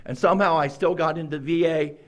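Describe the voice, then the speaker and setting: A man with a fairly high voice stands up at a recovery meeting and tells his own story. He is wry and self-mocking, laughing often as he talks in a meeting room. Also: steady tone, brisk. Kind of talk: humorous personal recovery story.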